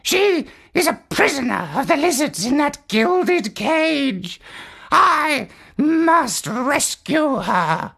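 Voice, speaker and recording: A woman voicing a lovesick male parrot who has lost his voice to a cold; his lines come out high, strained and raspy. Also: big pitch swings, slow pace, fairly bright tone, full character voice. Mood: lovelorn, anguished.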